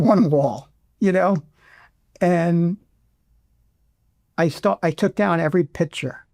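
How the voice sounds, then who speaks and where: A middle-aged man, a veteran guest in an interview, speaking with emotion and pausing often to restart. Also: fairly high pitch, creaky, a little mellow, no room sound. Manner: emotional, halting, many restarts.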